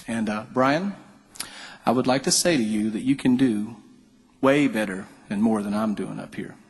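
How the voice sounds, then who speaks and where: A man's voice: on the low side, normal speed, husky. A man from North Carolina, telling jokey stories on stage between songs at a concert. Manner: folksy, joking storyteller. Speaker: musician on stage. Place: concert venue. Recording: live hall reverb.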